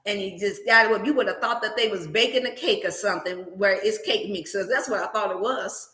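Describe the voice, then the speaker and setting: A woman hosting a motivational wellness livestream, preaching in an animated, scripture-laced way. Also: medium pitch, fairly quick, echoey room. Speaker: wellness channel host.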